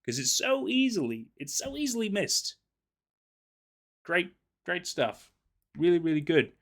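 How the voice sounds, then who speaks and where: A man reading a story game aloud and commenting casually, animated and often stumbling over his words. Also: high-pitched, measured pace. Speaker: let's play narrator.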